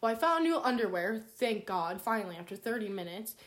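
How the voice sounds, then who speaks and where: A woman's voice: mid-range voice, a little fast. A young woman telling an embarrassing story in casual chat, swearing freely and acting out her own quotes. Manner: swears a lot, animated storytelling with acted-out quotes.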